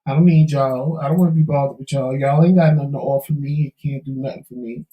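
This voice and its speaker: A man's voice: mid-range voice, steady tone, fast, echoey room, distant mic, dull audio. A man co-hosting a talk show, telling a candid life story in an emphatic, preachy way. He is losing his voice. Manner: preachy, emphatic, folksy Southern-tinged slang.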